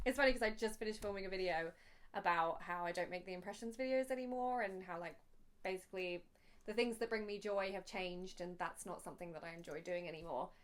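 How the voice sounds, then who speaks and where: A young woman with a lilt chats through her shopping haul for her viewers. She gushes over each item in a casual, chatty way and gets emotional easily. Her voice sits at an ordinary middle pitch. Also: a little hiss or hum. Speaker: vlogger.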